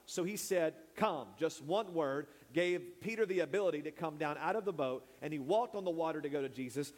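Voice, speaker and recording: A man's voice: a little high, moderate pace, few pauses. A man, a pastor preaching a sermon who calls out to the congregation to repeat words after him. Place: church sanctuary. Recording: long hall reverb.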